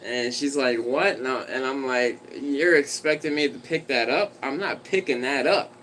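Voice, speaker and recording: A man's voice: medium pitch, normal speed, a bit bright, a little hiss or hum, low-quality recording. A man livestreaming, telling a story in a rambling, conversational way and talking to his dog.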